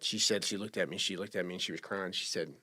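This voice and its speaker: A man talks through a personal story in a low, unpolished voice. He speaks haltingly and with feeling, often repeating himself and starting over mid-sentence. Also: steady tone, pushed and bright. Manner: emotional, halting, many restarts. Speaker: podcast guest sharing recovery story. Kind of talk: casual storytelling.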